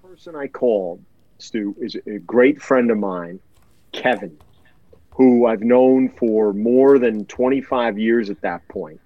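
Slow-talking earnest man, dull lo-fi sound. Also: mid-range voice, dry recording. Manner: earnest, emotional, repeats words for emphasis. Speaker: guest telling a story. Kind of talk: heartfelt storytelling in a podcast chat.

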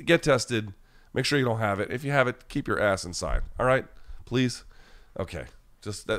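A man's voice: sits low, a bit bright. A man hosting a live chat podcast, talking bluntly and casually and swearing freely as he answers viewers while sick at home. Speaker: podcast host.

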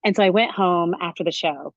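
A young adult woman chatting as a guest, telling a story with lively acted-out quotes. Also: fairly low pitch, brisk, no room sound, dull audio. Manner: animated storyteller, acts out quoted voices. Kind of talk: casual chat.

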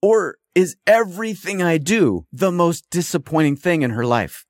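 A man's voice: a little high, lively intonation, normal speed, no echo, studio quality. A man hosting a podcast, telling a story in a rambling, exasperated casual monologue. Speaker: podcast host.

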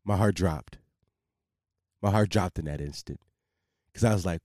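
A young man hosts a casual solo podcast in a low-pitched voice at a moderate pace, pausing often. He's a profane, rambling, animated storyteller who keeps losing his train of thought. The studio recording is clean, with no echo.

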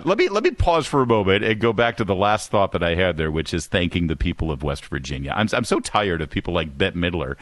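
A man hosting a talk radio show, excitable and self-deprecating, with rambling asides, on a studio microphone. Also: low-pitched, gravelly, no echo.

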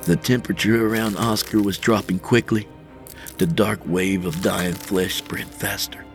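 A man narrating a first-person horror story as podcast host, measured and tense. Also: on the low side, fairly even intonation, soft background music.

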